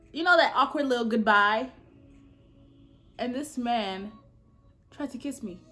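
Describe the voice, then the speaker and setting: A young woman in her twenties tells a dating story at home while she does her makeup. Her delivery is sassy and animated, and she jumps into loud, high outbursts. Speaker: beauty vlogger.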